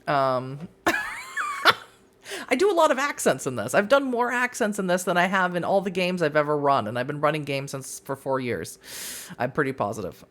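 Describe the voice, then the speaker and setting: A woman's voice: deep voice, animated, moderate pace. A woman streamer chatting casually and narrating a game, laughing often and poking fun at herself. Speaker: game streamer and community ambassador. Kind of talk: casual let's-play commentary and narration.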